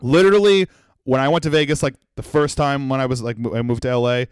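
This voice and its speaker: A young man from Florida, a comedian hosting his own podcast, ranting in a loud, profane, animated way and acting out little voices. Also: mid-range voice, quick pace, smooth, no echo. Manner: animated, profane, yelling rant with acted-out voices. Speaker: comedian host.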